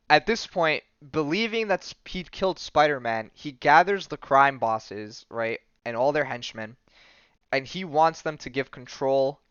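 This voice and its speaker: A podcast host, retelling a comic story in casual chat and acting out the characters' lines. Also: male voice, mid-range voice, a bit bright, smooth, no room sound, lo-fi sound. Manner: rambling storyteller, acts out quotes in a loose offhand way.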